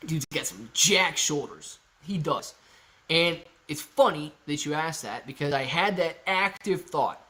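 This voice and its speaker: A man's voice: on the high side, animated, a little slow, sharp tone. A man hosting a casual livestream, reading viewer comments aloud and answering them in a playful, joking way. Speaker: livestream host.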